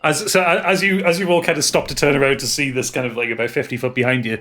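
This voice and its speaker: A man narrating as game master, halting and restarting often. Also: medium pitch, fairly even intonation, pushed and bright.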